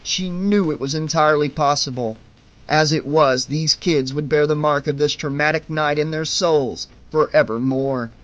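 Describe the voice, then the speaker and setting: A male audiobook narrator reads a horror novel with steady, suspenseful pacing. He slows down for the tense beats. His voice sits a little high for a man. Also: highs cut off.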